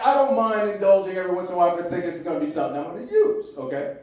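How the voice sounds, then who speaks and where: High-voiced comedian in an echoey club. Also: male voice, very animated, very fast, mellow, distant mic. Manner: loose, profane storytelling. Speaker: stand-up comedian. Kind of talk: stand-up comedy set.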